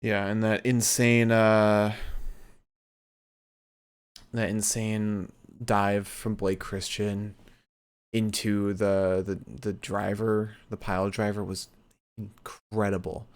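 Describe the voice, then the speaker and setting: A man co-host casually recapping a wrestling show and sharing eager opinions. He stammers and restarts his sentences often. His voice sits a little low and sounds smooth. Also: level tone, slow pace, pauses often. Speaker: podcast co-host.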